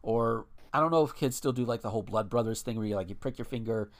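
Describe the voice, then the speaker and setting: A man's voice: mid-range voice, quick pace. A man hosting a podcast in casual chat, rambling and profane with frequent restarts.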